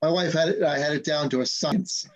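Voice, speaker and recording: A man with a slightly high voice hosts a casual live stream chat over a video call, speaking briskly. He tells stories in an easy, chatty way, laughing between them.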